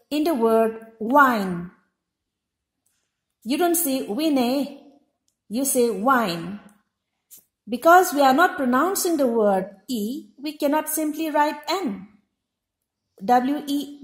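A woman teaching a class in a high, clear voice, taking her time and spelling out words letter by letter. Her slow, careful delivery rings in an echoey room. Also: lively intonation. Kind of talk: classroom lesson.

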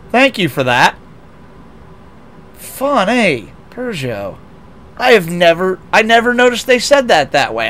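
A man's voice: high-pitched, bright, forceful tone. Rambling American man streaming a game. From United States. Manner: rambling, self-deprecating, stumbles and restarts often. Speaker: VTuber streamer. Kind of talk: casual livestream chat, reading chat aloud.

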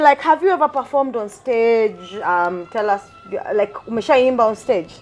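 A woman's voice: on the high side, a little slow, few pauses, noisy background. Bubbly woman hosting. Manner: bubbly, laughs often, mixes English and Swahili slang. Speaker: talk show host. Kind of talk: casual interview.

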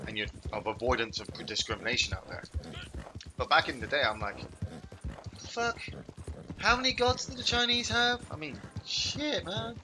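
A man's voice: mid-range voice, background noise. A man streaming a game, chatting loosely and swearing freely as he plays. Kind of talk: casual gaming chat.

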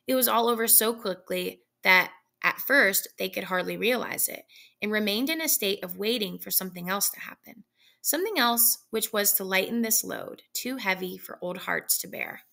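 A woman reading a classic short story aloud in a measured storytelling manner. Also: mid-range voice, vocal fry, sharp tone. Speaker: reader.

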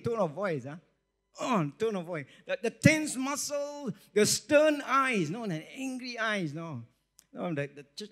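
Middle-aged male pastor, higher-pitched voice; emphatic sermon delivery with lots of repetition. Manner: emphatic, repeats phrases, swings between loud and soft.

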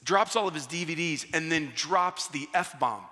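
A male pastor talks through a chatty sermon, bright and forceful, in a fairly high voice. He mocks himself as he goes. His words ring out with a long reverb from a large hall. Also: normal speed. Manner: animated, self-mocking, acts out a crying child in high pitch. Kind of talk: conversational sermon with storytelling.

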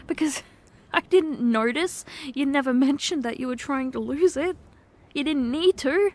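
Slow, tender woman in whispered role-play. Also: sits high. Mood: concerned. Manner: tender, pleading, soft-spoken. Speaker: ASMR performer.

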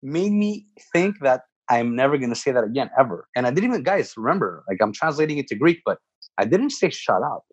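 A man co-hosts a relaxed podcast chat, telling stories with animated energy and repeating phrases for emphasis. His voice is husky and mid-pitched. The sound is dry and close to the mic. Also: brisk, dry recording, lo-fi sound. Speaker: podcast co-host. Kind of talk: casual chat.

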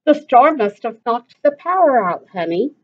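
A caring, practical mother who reassures her child but sounds urgent when things go wrong, voiced by a woman reading a storybook. Her voice sits a little higher than the reader's own. The recording is lo-fi. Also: big pitch swings, unhurried.

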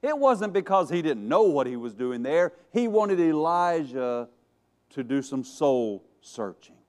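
A man preaches a sermon in a church, pushing some phrases out loudly and sinking others to a near whisper. He often stumbles and restarts his words as he goes. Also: a little high, big pitch swings, unhurried. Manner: dramatic shifts to hushed, soft delivery for quiet passages. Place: church sanctuary.

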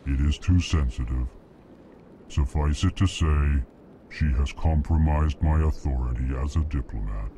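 An actor playing a formal alien male ambassador who speaks flatly and names his own feelings, from a game. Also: very deep voice, a little hiss or hum. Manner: flat, slow, announces his emotions. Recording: game audio over music.

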